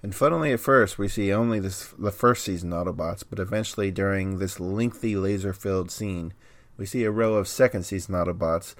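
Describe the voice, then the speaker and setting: Casting: male podcast co-host, lowish voice, wry deadpan recaps, dry close sound. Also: no room sound. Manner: wry, dry humor, laughs often. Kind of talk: casual chat and episode recap.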